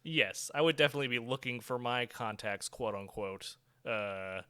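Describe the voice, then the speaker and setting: A man's voice: medium pitch, normal speed, bright, forceful tone, clear, resonant tone. A man co-hosting a podcast, chatting about a TV episode, laughing often and correcting himself as he goes. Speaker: podcast co-host. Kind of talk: casual chat reviewing a TV episode.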